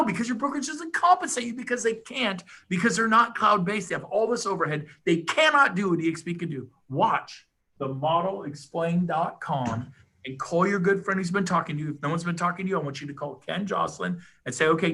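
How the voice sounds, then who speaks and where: A middle-aged man giving an enthusiastic, emphatic sales pitch as a podcast guest. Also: expressive, bright, forceful tone. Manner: fired-up, rapid, emphatic, salesy. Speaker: podcast guest, real estate agent.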